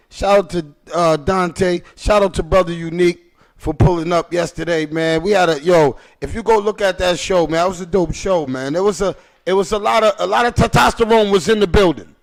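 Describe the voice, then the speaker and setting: Man, podcast host, rambling, emphatic, profane, high gravelly voice. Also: moderate pace. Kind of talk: casual chat.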